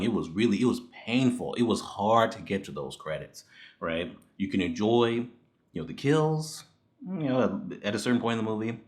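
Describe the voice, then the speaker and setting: A man's voice: low voice, fairly bright tone. A man giving a casual spoken movie review, blunt and profane, ranting in exasperation with frequent laughs.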